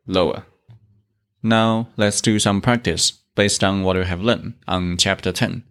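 A man teaching a language lesson, explaining grammar and modeling tones deliberately. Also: deep voice, fairly bright tone. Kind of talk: slow instructional explanation.

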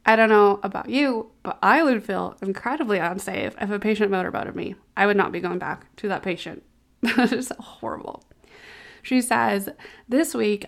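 Candid woman podcast host, mid pitch. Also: gravelly. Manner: candid, reacts with exclamations and laughs. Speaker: podcast host, physical therapist. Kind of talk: casual solo podcast, reading posts aloud.

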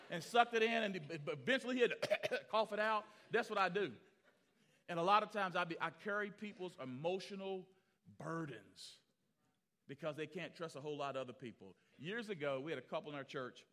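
A man preaching as pastor, telling stories animatedly and acting out the people he quotes, swinging from loud to hushed. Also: high voice, brisk. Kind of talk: sermon storytelling.

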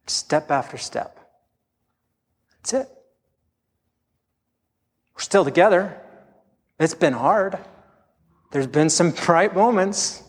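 A man's voice: fairly high pitch, lively intonation, takes it slowly, pauses often, slightly rough, in a large hall. A middle-aged man preaching a sermon as pastor, telling candid, self-deprecating stories from his own life.

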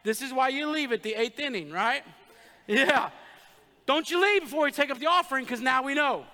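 Male pastor, chatty joking sermon style, high voice, long hall reverb. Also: animated, pushed and bright. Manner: joking, conversational preaching with quick asides to the crowd. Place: church sanctuary.

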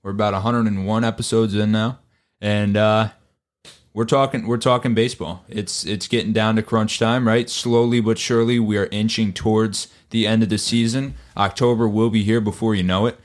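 A man's voice: fairly low pitch, steady tone, moderate pace. A man hosting a casual sports podcast, talking animatedly and swearing, and acting out other people in exaggerated voices. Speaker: podcast host. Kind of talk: casual chat.

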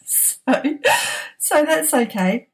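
A woman's voice: high-pitched, extremely slow. A middle-aged woman, casually telling a personal anecdote, laughing often and acting out the voices of the people in it. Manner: lively, laughs often, acts out quoted voices. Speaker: podcast storyteller.

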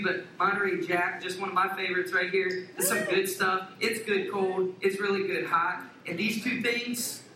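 Playful high-voiced preacher in an echoey hall. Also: male voice, background noise. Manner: playful, joking and animated. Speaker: pastor. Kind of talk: sermon. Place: church sanctuary. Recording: echoey church hall from far off with congregation. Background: congregation.

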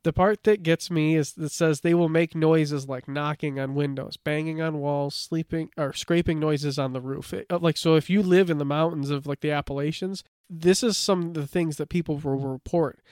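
A man with a fairly high, smooth and resonant voice talks in a loose, chatty way, reading bits from notes and leaning on filler words. The sound is close and dry. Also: normal speed, few pauses, no room sound. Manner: relaxed storytelling, reads from notes, many "like" fillers. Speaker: podcast co-host. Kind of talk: casual chat.

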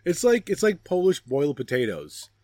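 A man's voice: fairly high pitch, huge pitch swings, normal speed, dark tone, no room sound, clean studio sound. A middle-aged man co-hosting a podcast, chatting casually and jokingly outdoors, often rambling and trailing off. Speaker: podcast co-host. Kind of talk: casual chat. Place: outdoors at a backyard gathering.

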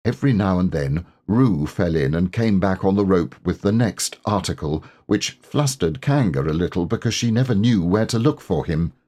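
A man in his forties narrating a children's storybook with an expressive, storytelling lilt. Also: sits low, normal speed, few pauses. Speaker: audiobook narrator.

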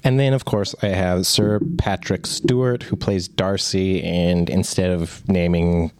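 A man's voice: low-pitched, fairly even intonation, measured pace, darkish tone, clean tone. A man co-hosting a movie podcast in a laid-back way, sharing cast trivia and laughing often. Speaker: podcast co-host. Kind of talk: casual chat.

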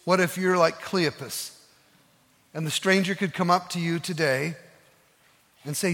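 Male pastor, sermon, earnest storyteller with slow soft emphases, high voice, church reverb. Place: church sanctuary.

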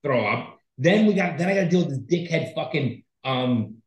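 A man's voice: fairly high pitch, lively intonation, normal speed, roomy sound, rough recording. A man co-hosting a podcast, telling a long story in a rambling, profane, casual way. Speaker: podcast co-host. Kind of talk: casual chat.

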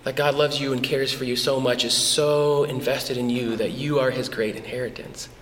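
A man preaching a sermon as a pastor, conversational and animated, with frequent restarts, in a church. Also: medium pitch, normal speed, slight background noise. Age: adult with a son. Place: church hall. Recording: echoey church hall with long reverb.

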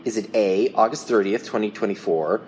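A man's voice: on the low side, brisk, darkish tone, a little hiss or hum. A man hosting a casual podcast trivia quiz, reading out questions and multiple-choice answers. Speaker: quiz host.

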